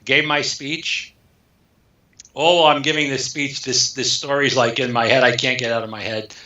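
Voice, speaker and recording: A man, an author guest in an interview, telling a story in an animated way and acting out the dialogue. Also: medium pitch, moderate pace. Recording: echoey, dull lo-fi sound.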